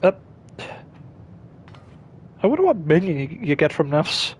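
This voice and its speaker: A man's voice: fairly high pitch, big pitch swings, measured pace, husky. A man giving casual gameplay commentary, rambling and breaking off his own sentences with chuckling asides. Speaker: streamer.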